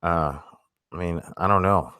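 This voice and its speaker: A man with a very deep voice chats casually with his audience, stumbling through restarts and fillers. He talks bluntly and swears freely. The sound is dry and close, with no room echo. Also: pushed and bright. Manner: halting, many restarts and fillers. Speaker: streamer reading chat. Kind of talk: casual chat.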